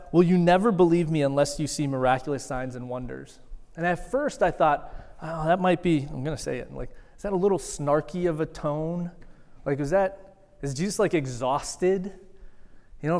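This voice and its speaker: A man giving a sermon as a guest preacher, chatty and self-deprecating, often dropping to a near-murmur and then rising again. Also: fairly high pitch. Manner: conversational, self-deprecating, with lively shifts in loudness. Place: large church sanctuary. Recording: long hall reverb.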